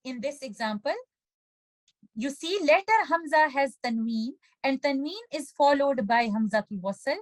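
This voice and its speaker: A woman's high, clear teaching voice walks through recitation rules with patient care. She is methodical, slowing down to spell out sounds syllable by syllable. The recording is close and dry, with no room around her. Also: expressive, no echo, poor audio. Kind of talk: step-by-step tajweed lesson with recited examples.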